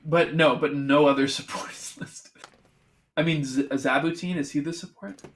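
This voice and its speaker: A man's voice: on the high side, steady tone, normal speed. A man co-hosting a casual esports podcast, rambling along with lots of "I mean" and "like.". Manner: rambling, full of fillers like "I mean" and "like". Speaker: podcast co-host. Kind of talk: casual chat about esports.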